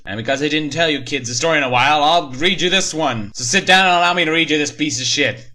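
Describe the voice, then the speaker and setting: Man, sarcastic, sweary, bright forceful tone, comedic story review. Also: medium pitch. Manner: sarcastic, profane ranting. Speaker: creepypasta reviewer. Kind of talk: comedic creepypasta reading and review.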